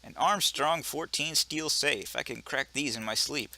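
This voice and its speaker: A man doing a dry, snobbish gentleman burglar. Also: mid-range voice, a little slow, creaky, exaggerated voice. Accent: put-on British. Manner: dry, deadpan, wry asides. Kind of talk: video game voice-over reading.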